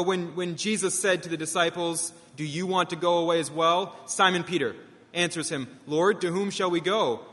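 A young man, a pastor, preaching a sermon in a church, halting often with restarts and fillers. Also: fairly high pitch, sharp tone, in a large hall. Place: church sanctuary.

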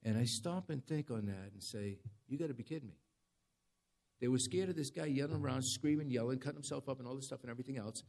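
A man's voice: mid-range voice, fast talker, vocal fry, hardly any pauses, a little mellow. A man preaching a sermon in a conversational, dramatic way, with rising emphasis. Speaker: pastor.

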